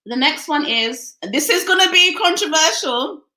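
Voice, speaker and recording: A woman's voice: high voice, animated, normal speed, sharp tone. A woman hosting an interview in a casual, upbeat and teasing way. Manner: upbeat, teasing, laughs often. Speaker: interview host. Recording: roomy echo.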